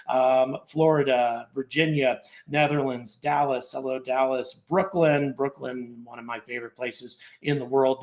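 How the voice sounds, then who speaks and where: A middle-aged man hosting a live stream, thanking viewers and reading out where they are checking in from, in a rambling, grateful way with many fillers. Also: mid-range voice. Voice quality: gravelly. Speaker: livestream host.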